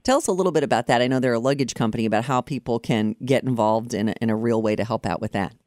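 A man's voice: medium pitch, very fast, a little mellow, no echo, studio quality. A man hosting an interview, chatting in a friendly, rambling way with fillers. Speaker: interviewer host. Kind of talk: casual interview chat.

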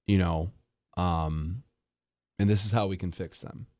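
Guy with a really deep voice, earnest podcast chat, dry close sound. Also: fairly even intonation, measured pace, a little mellow, no echo. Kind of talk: casual chat.

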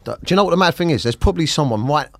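A man's voice: a little high, animated, racing, dry recording. A British man hosting a casual chat, asking questions and swearing easily. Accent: British English. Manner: chatty, swears, prompts with questions. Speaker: podcast host.

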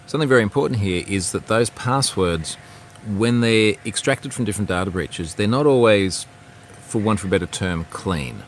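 Man, easygoing livestream host, lowish voice, rambling delivery, faint background noise. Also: normal speed. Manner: rambling, restarts mid-sentence, reads viewer comments aloud. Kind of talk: casual livestream chat. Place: outdoors at home with a view.

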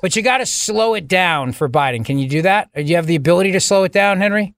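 A man hosting a talk radio show, delivering a sarcastic, mocking, animated monologue to his listeners. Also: sits high, fast talker, a little hiss or hum. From Italian heritage, US.

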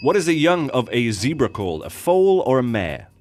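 A man's voice: mid-range voice, normal speed. A man hosting a radio show, playfully running a quiz and chatting with a guest. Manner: lively, playful quizmaster. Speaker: radio host.

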